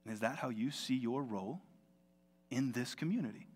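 A man's voice: medium pitch, normal speed, a little mellow, slightly rough. A male pastor preaching a sermon in a church, in a conversational, storytelling way. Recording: long reverb of a large hall.

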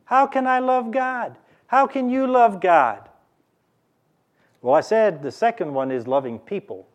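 Preaching in a church, this man sits high in pitch, and the audio sounds dull. His sermon is slow and emphatic, with key phrases repeated for the listeners in the pews.

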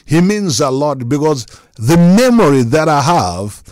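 A man's voice: a little high, big pitch swings, measured pace, a little mellow, dry recording, studio quality. A man delivering a sermon in an emphatic preaching cadence, unscripted and full of fervor.

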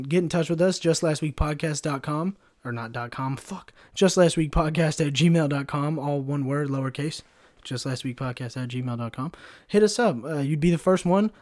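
A man hosting a casual solo podcast, telling a story in an animated way, with lots of swearing and fillers. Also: a little high. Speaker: podcast host.

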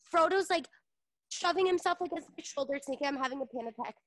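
A woman's voice: high voice, fast talker, a bit bright, dry recording. A woman co-hosting a podcast in casual chat, gushing and swearing freely. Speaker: podcast co-host.

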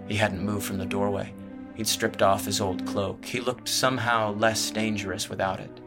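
A man narrating a fantasy novel in a measured, expressive storytelling voice. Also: fairly low pitch. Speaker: audiobook narrator. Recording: music playing underneath.

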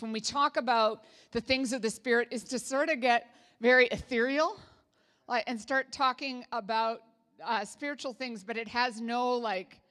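A woman's voice: on the high side, bright, forceful tone, long reverb tail. A woman pastor from Canada preaching a sermon in a casual, humorous way, with asides to the congregation. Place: church sanctuary.

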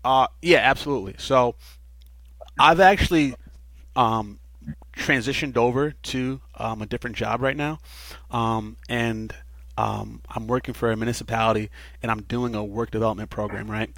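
An earnest man talking through his past in a relaxed interview, animated and open. His voice sits at an ordinary middle pitch. The recording is close and dry, with no room sound. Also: moderate pace, no echo. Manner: earnest, animated storytelling with laughs. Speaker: podcast guest. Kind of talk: casual interview talk.

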